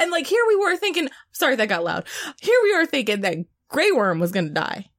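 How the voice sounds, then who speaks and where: A slightly tipsy woman co-hosting a casual chat podcast, animated, laughing and swearing freely. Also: high voice, fairly quick, dry recording. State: a little tipsy. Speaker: podcast co-host.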